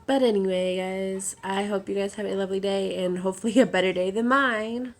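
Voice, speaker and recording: A young woman vlogging after a bad day, hoarse from crying, talking in a subdued, halting way with many fillers. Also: medium pitch, fairly even intonation. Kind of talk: casual vlog.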